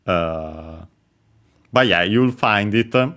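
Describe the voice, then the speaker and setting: A man giving a casual language lesson, explaining slowly with many hesitant pauses and fillers. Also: on the low side, a bit bright. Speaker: language teacher.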